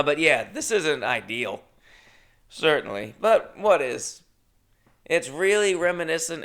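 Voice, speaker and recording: Young guy comic rambling thru a road story, gravelly fry, bright edge. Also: mid-range voice. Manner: rambling, self-mocking, laid-back. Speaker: comedian and host. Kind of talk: casual comedic storytelling.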